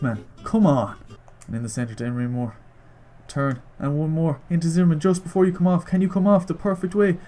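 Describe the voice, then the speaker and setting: A young man giving casual, excitable commentary on his own football video game, cheering, groaning and swearing at the action. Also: on the high side. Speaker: gaming YouTuber.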